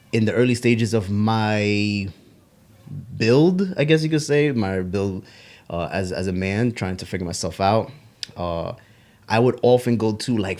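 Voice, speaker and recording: A man co-hosting a casual podcast chat, talking in halting bursts with restarts. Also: on the low side, a little mellow. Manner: halting, restarts, laughs at own slips. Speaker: podcast co-host.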